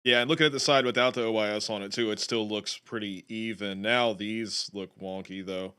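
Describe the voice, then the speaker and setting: A man's voice: on the low side, fairly even intonation, fairly quick, pushed and bright, clean tone. A man livestreaming, chatting casually and thinking aloud as he works.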